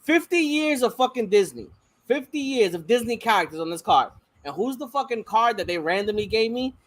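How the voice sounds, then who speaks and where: A man in casual chat with friends, excitable and profane, often laughing as he talks. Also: very high voice, brisk.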